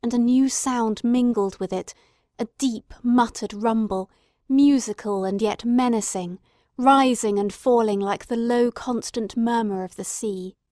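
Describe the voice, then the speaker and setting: Woman reading an audiobook, kinda high voice, dry close mic. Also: fairly even intonation, unhurried, mellow, no echo. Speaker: audiobook narrator. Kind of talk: scripted narration.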